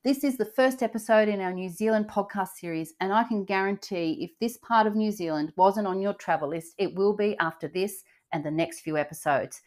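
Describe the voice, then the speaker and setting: A woman's voice: mid-range voice, brisk, few pauses, darkish tone. An older woman hosting a travel podcast, chatting in an upbeat way with frequent fillers and restarts. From Australia. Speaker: podcast host. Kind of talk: casual travel podcast chat.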